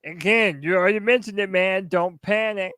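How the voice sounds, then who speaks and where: A man co-hosting a sports podcast, energetic and hyped. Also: high-pitched, moderate pace, dry recording. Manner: energetic, hype, shouting out fans. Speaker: podcast co-host. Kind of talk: hype sports podcast talk.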